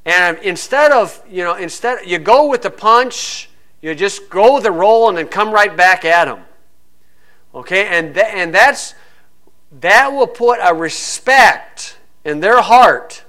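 A man's voice: sits high, animated, takes it slowly, pushed and bright. A man preaching a sermon, full of rhetorical questions, acting out hecklers and reading scripture aloud.

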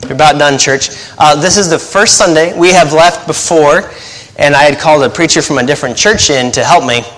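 A man, a pastor and missionary, preaching a sermon in a chatty way, laughing at his own stories and habitually talking fast while trying to slow down. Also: a little high, fairly bright tone, in a large hall. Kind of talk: sermon with joking asides.

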